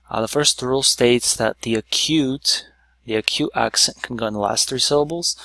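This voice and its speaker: A man teaching a whiteboard lesson, explaining slowly step by step with many "so"s. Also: mid-range voice, gravelly, sharp tone, no echo. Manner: slow, stepwise explaining with many "so"s.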